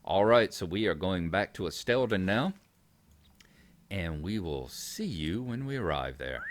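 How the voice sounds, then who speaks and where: A man's voice: low voice, lively intonation, unhurried. A man hosting a game video, reading quest text aloud and chatting casually about the game. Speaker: gaming channel host. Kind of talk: casual gameplay commentary.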